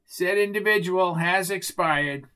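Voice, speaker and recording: Man playing a pompous security guard, raised pitch, bright tone, formal jargon. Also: measured pace, smooth, low-quality recording. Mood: stiff. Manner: stiff, formal official jargon. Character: officious small-town male security guard.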